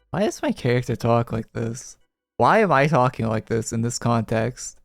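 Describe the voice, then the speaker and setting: A male gaming streamer reads game dialogue aloud in a gravelly, fry-laden voice and breaks off for wry jokes. He is recorded dry and close on a studio microphone, with faint game music behind him. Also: mid-range voice, moderate pace, no room sound. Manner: wry, joking asides between flat readings. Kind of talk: reading game dialogue aloud with casual commentary.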